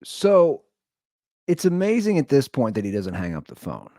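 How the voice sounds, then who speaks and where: A man's voice: mid-range voice, huge pitch swings, moderate pace, dark tone, dry recording, studio quality. A man hosting his show, giving amused, rambling commentary on a prank call. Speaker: show host. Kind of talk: casual commentary.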